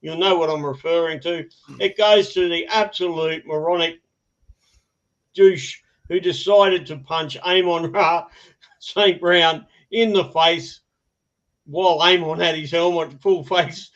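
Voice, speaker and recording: Rambling Aussie podcast host, dull audio. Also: male voice, on the high side, steady tone, slow pace, a bit bright. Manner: rambling, laughs often, stumbling restarts. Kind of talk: casual podcast chat.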